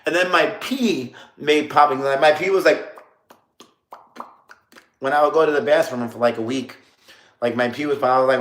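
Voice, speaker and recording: A man's voice: medium pitch, normal speed, pauses often, a bit bright. A man in his late thirties from New York, telling a story on a casual livestream, rambling with lots of fillers and laughing at himself. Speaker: streamer. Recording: roomy echo.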